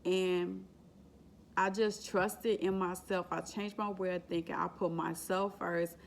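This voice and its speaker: A woman's voice: on the low side, level tone, unhurried, vocal fry, a little hiss or hum. A woman vlogger telling an emotional, faith-filled personal story in a casual, repetitive way. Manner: exclaims and laughs while retelling. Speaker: vlogger sharing her exam story.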